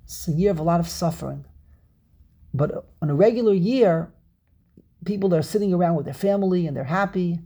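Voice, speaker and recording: Male Torah teacher on a video call, dark and raspy tone, drills pronunciations. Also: high-pitched, a little fast, pauses often. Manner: repeats words, drills pronunciations aloud. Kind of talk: online Torah class.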